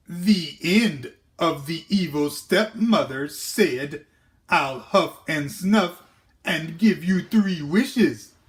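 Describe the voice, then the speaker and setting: A man, an educator, reading a children's storybook aloud with an expressive, animated manner. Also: a little high.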